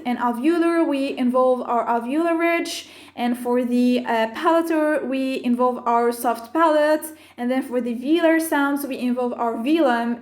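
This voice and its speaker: Female language teacher, high voice, careful measured delivery, roomy echo. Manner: slow, careful listing of sounds and terms. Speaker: Arabic teacher. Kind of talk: explaining phonetics with slides.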